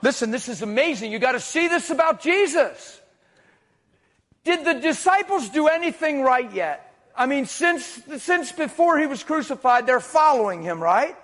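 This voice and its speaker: High-voiced preacher man, animated and swinging. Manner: storytelling, animated, swings between hushed asides and loud emphasis. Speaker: traveling preacher. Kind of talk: sermon.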